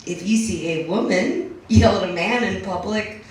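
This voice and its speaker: A woman's voice: mid-range voice, moderate pace, a little mellow, slight background noise. A young adult woman doing a brash, profane, self-mocking stand-up set in a small club. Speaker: stand-up comedian. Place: small club with a live audience. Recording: distant mic in an echoey room with a laughing crowd.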